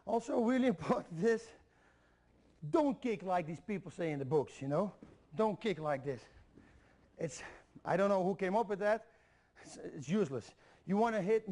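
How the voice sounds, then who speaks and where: A man's voice: sits high, a little mellow. A man teaching kicking technique in an instructional video, giving direct, repetitive coaching and counting out steps. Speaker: MMA instructor.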